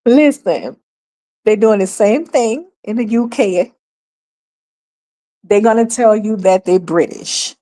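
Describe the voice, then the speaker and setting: A woman's voice: mid-range voice, unhurried, pauses often, dark tone. A woman hosting her own livestream, talking casually and emphatically straight to her viewers and repeating her points. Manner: chatty and emphatic, addresses viewers directly, repeats points, breaks into laughs. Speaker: host of her own talk stream.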